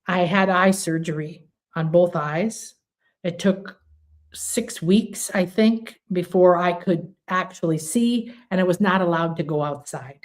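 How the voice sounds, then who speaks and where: An older woman, a spiritual teacher, giving an earnest, affirming talk to a group, with lots of repetition and lively acted snippets of her own inner voice. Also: on the low side.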